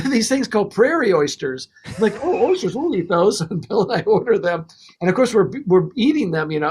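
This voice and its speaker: Fast-talking high-voiced male storyteller. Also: husky. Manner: animated, laughing storyteller. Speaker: record producer. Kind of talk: casual storytelling in a podcast interview.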